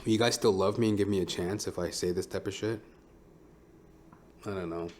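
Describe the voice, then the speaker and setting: A man's voice: deep voice, steady tone, moderate pace, slight background noise. A man who is a stand-up comedian, hosting his own podcast in a blunt, profane, rambling monologue.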